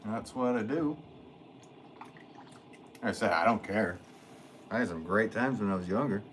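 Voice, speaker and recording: A relaxed man with a fairly low voice talks to his live viewers from his pottery studio. He answers their comments in an easygoing way and chuckles often. A faint hum of room noise sits under his voice. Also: normal speed. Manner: laid-back, chuckles often. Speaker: potter hosting a livestream. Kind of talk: casual live chat, reading viewer comments aloud.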